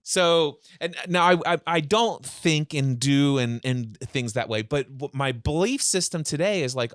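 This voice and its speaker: A man telling a story in a podcast interview as a mindset coach, acting out both sides of a phone call in lively voices, speaking over a remote call. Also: fairly high pitch, unhurried, few pauses, no echo, studio quality.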